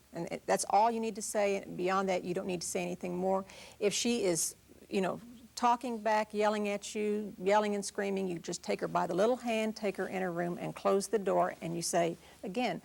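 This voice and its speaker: A woman parenting expert giving calm, direct advice on discipline and answering a caller's question. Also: mid-range voice, normal speed, creaky. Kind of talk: instructional talk and call-in advice.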